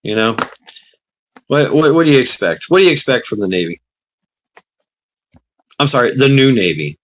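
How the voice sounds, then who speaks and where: A man's voice: medium pitch, very animated, normal speed. Brash streamer, mid-range male voice, blunt profane rant to his chat, frequent laughs. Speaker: livestream host. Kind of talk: casual ranting commentary to live chat. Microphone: computer mic on a live stream.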